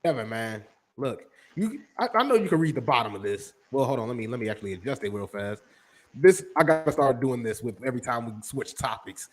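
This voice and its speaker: Animated male podcast co-host. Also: medium pitch, fairly quick. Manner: animated, joking, reads chat comments aloud. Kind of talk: casual wrestling podcast chat.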